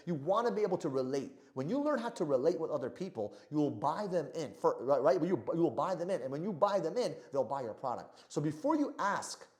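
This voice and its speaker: Animated, fast-talking male sales coach. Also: fairly high pitch. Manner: energetic, animated delivery with frequent "right?" check-ins; moves hands and body while talking. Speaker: sales trainer. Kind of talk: motivational talk to camera.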